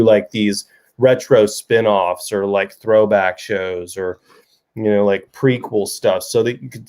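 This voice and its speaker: A man's voice: on the low side, darkish tone. A middle-aged man, an author hosting a livestream, chatting loosely and jokingly with viewers and reading their comments. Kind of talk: casual chat.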